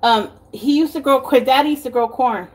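Speaking at a moderate pace in a high, slightly rough voice, a Texan-accented vlogger chats casually in her home kitchen for a cooking video. She rambles, giggles a lot and curses here and there.

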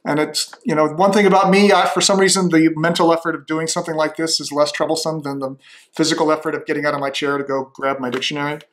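A man thinking aloud as he slowly works through a demonstration, tentative and musing, with frequent restarts. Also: on the high side, little pitch movement, fairly bright tone.

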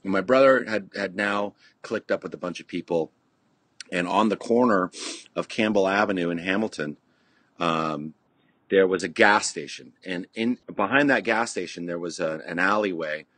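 A middle-aged man from California tells stories in a loose, rambling way, full of restarts and casual swearing. His voice sits fairly low and has a husky grain. The studio sound is dry and close. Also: normal speed, fairly bright tone, no echo. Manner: laid-back, swears freely, many restarts and "you know"s. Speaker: podcast guest, punk musician. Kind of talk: casual storytelling. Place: podcast studio.

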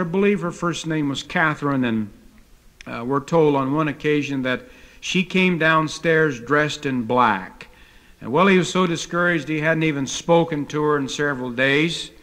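A man's voice: on the high side, bright, forceful tone. An older man teaching a taped Bible lecture, telling stories in a folksy way with frequent hesitant fillers.

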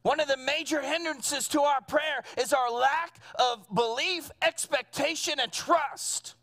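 High, bright-voiced preaching man. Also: measured pace. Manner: earnest preaching that builds to emphatic fervor. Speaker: pastor. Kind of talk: sermon. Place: church sanctuary.

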